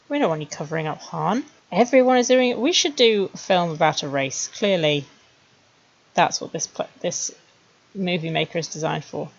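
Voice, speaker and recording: A woman streamer chatting wryly to herself as she builds animated scenes, laughing at her own jokes. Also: lowish voice, lo-fi sound. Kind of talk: casual commentary while making a 3D animation.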